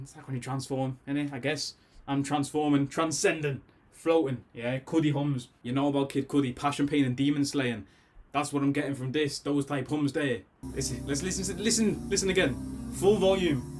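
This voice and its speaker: A man with a Scouse accent hosting a casual album reaction from his bedroom, rambling, excitable and a bit tipsy, laughing often. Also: medium pitch. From Liverpool, England. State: tipsy after drinks. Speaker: music reaction host. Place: bedroom at home.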